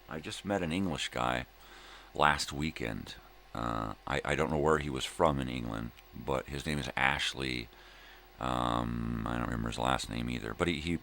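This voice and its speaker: A man's voice: very deep voice, creaky, pushed and bright, slight background noise. An older man hosting a casual livestream chat, rambling and laid-back, laughing often, hungover. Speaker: livestream host.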